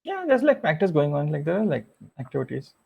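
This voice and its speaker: A game master narrates a tabletop scene in loose, casual speech padded with fillers. The voice has a gravelly edge and swings lively through its pitch. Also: fast, lo-fi sound.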